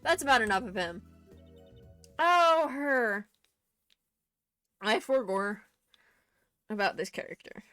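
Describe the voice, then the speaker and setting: Young female streamer, casual gaming chat, animated swings in pitch, faint music underneath. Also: slow pace, pauses often, no room sound. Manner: chatty, laughing asides, swearing.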